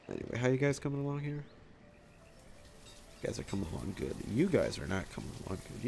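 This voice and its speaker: A man's voice: mid-range voice, creaky, darkish tone. A man with a Michigan accent, rambling and chuckling as he talks to viewers during casual gameplay commentary. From Michigan, USA. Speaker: streamer.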